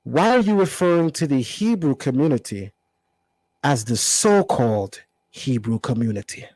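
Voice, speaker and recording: A man hosting his own channel, talking back at a critic in an animated, combative commentary with emphatic repetition. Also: medium pitch, moderate pace, slight background noise, low-quality recording. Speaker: channel host. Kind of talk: confrontational commentary vlog.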